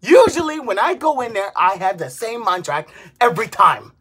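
A woman in her twenties, a vlogger, delivering an exasperated comedic rant, swearing and bursting into shouts. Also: mid-range voice, very animated, normal speed, slightly rough. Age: 20s.

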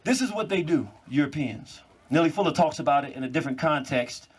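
A man with a slightly high, husky voice speaks to a live audience. He lectures in an animated way, telling stories and dropping mocking asides. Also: fairly quick. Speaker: public speaker. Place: cultural venue before a live audience.

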